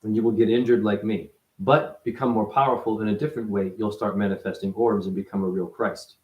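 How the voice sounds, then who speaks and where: A man's voice: steady tone, a little fast, highs cut off. Guy rambling about spiritual stuff, swears a lot, voice jumps around, roomy echo. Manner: profane, rambling, jumps in pitch. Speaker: spiritual teacher. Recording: echoey room.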